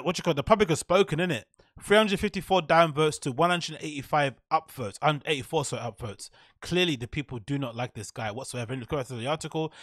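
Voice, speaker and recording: A man's voice: on the high side, fairly bright tone, dry recording. A man hosting a podcast, reading a news article aloud and riffing on it with sarcastic, indignant commentary. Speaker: podcast host. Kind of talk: casual opinionated commentary.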